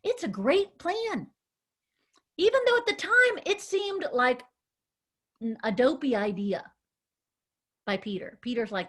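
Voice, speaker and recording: Animated woman teaching children. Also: high voice, measured pace, long pauses. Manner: animated, encouraging, calls on children by name. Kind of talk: children's Bible lesson.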